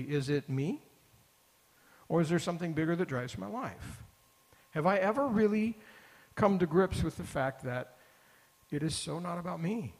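Husky pastor guy preaching, bit high voice, long church-hall echo on it. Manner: earnest, builds to emphatic repeated phrases. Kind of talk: sermon.

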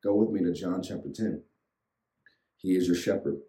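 A man's voice: sits low, moderate pace, dark tone, roomy sound, poor audio. A man pastor preaching a sermon to an online audience, leading them in reciting lines with rhythmic repetition. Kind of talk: sermon with call-and-response.

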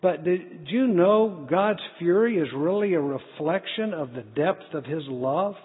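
Middle-aged guy preaching, kinda high voice, husky, sounds like a phone line. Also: lively intonation, measured pace. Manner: earnest storytelling with restarts. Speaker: pastor. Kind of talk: sermon. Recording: tinny phone-like sound in a reverberant hall.

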